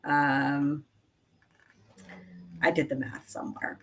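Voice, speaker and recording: A woman talks through a casual screen-share tutorial in a slightly low voice. She rambles, leans on filler words, and laughs at herself as she goes. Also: completely flat delivery, takes it slowly, a bit bright, a little hiss or hum. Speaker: teacher and online seller.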